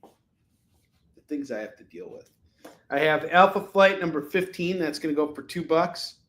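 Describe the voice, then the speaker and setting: His voice sits on the high side, lively and fairly bright, moving at a measured pace. He's joking and rambling through a live comic-book sale stream at home, fillers everywhere, in relaxed selling chat recorded in an echoey space.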